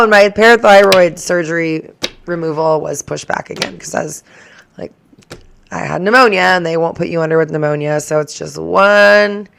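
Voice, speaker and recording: A woman's voice: fairly low pitch, vocal fry, fairly bright tone. A woman hosting her own reaction channel, chatting casually to the camera in a rambling way that keeps drifting into tangents.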